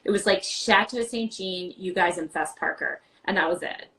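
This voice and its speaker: A woman in her forties from New York, chatting animatedly as a guest on a video-call interview, full of quick asides and "like" fillers. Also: medium pitch, a bit bright, rough recording. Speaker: guest, wine podcast host. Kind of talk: casual interview chat.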